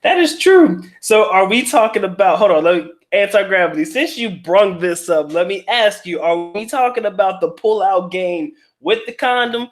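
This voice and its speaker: A man's voice: sits high, lively intonation, moderate pace, hardly any pauses. Blunt, profane man host chatting live. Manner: profane, blunt, laughing, street slang. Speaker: livestream host reading viewer comments. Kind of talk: casual livestream chat.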